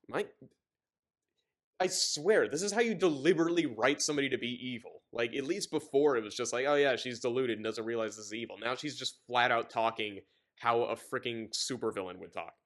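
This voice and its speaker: A man's voice: mid-range voice, fairly bright tone. Male host reading a book aloud with sarcastic, exasperated asides, loose and rambling delivery, mid-range voice. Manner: exasperated, sarcastic asides between read passages; loose, rambling, stumbles over words. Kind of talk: casual book reading with commentary.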